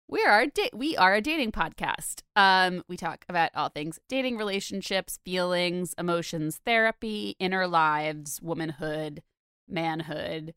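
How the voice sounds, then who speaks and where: A woman's voice: on the low side, a bit bright, smooth, no room sound, studio quality. A young adult woman hosting a casual podcast, chatty and rambling with lots of fillers. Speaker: podcast host.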